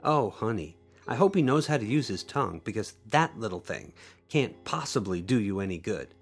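A man's voice: on the low side, very animated, normal speed, breathy edge, faint music behind, voice pushed down, exaggerated voice. A man reading aloud and voicing a domineering, teasing woman stage performer who gives commands in a mocking tone.

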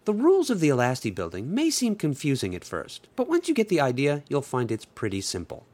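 A man's voice: mid-range voice, huge pitch swings, fairly quick, darkish tone, pitched above the performer's own voice. A man voicing a flirty, confident woman guide in an adult audiobook, speaking in a teasing, coaxing way. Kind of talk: erotic audiobook role reading.

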